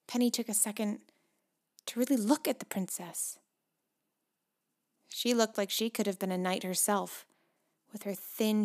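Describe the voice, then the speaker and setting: A woman narrates a children's storybook with lively expression. She sinks into soft whispers for tense, quiet moments and rises into bright, louder reading when the action picks up. Her voice sits at an ordinary middle pitch for a woman. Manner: expressive, shifts between hushed whispers and loud excited calls.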